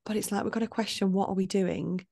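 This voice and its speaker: A young woman co-hosts a podcast, speaking at a middle pitch in a chatty, encouraging tone. She is out of breath and laughs easily. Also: steady tone, fast, gravelly, dark tone. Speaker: podcast co-host. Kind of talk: casual podcast chat.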